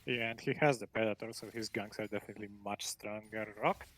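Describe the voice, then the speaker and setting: A man giving relaxed, analytical color commentary on a live esports match, in casual phrasing. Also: lowish voice, fast, rough recording. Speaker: esports co-caster.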